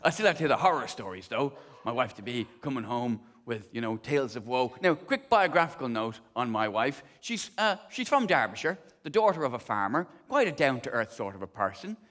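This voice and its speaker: Animated, sweary male stand-up comic. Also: medium pitch, fairly quick, hardly any pauses. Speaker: stand-up comedian. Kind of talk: live stand-up comedy. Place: large theatre stage. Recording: long theatre hall reverb.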